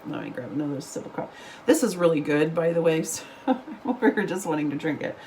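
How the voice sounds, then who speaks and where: A woman's voice: low-pitched, a little fast, darkish tone, slight background noise, low-quality recording. A woman, a book vlogger chatting casually to camera over coffee, rambling and giggling, still getting over an illness. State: recovering from illness.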